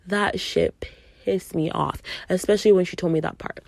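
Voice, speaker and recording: A young woman with a fairly low voice tells a story on her podcast in a casual, emphatic way. She swears freely and acts out what people said. The sound is dry, with no room echo. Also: normal speed, vocal fry, darkish tone. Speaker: podcast host.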